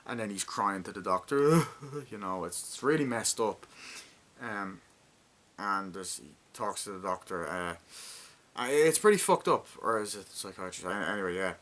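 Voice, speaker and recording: A man's voice: lowish voice, expressive, normal speed, a bit bright. A young man in his twenties giving a rambling, profanity-heavy casual movie review and acting out lines from the film. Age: 20s.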